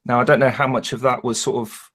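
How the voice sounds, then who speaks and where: A man with a Northern English accent, a podcast co-host telling a travel story in a thoughtful, measured way. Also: mid-range voice, little pitch movement, fairly bright tone. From United Kingdom. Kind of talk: casual chat.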